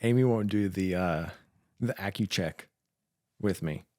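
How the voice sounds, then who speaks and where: A man co-hosting a podcast about emergency medical work, telling stories with dark jokes and laughing often. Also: low voice, a little slow, dry recording, studio quality. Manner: joking, laughs at his own dark humor. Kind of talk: casual chat.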